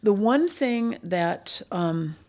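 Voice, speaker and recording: An older woman, a retired police commander, recounting her years on the force in a measured, reflective interview. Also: mid-range voice, lively intonation, a little mellow. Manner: measured, reflective storytelling with pauses. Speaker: retired police assistant chief.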